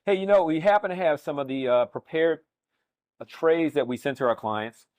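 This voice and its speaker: A man's voice: on the high side, normal speed, no room sound. A man demonstrating a recipe as a chef, talking easily with many fillers and restarts. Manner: relaxed, hesitant with fillers and restarts. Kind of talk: cooking demonstration.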